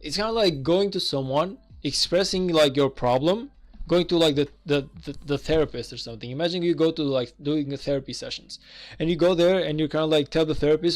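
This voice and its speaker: A man's voice: a little high, fairly quick. A man streaming a strategy game, ranting in casual commentary with lots of fillers and swearing. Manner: exasperated, rambling, swears, many fillers.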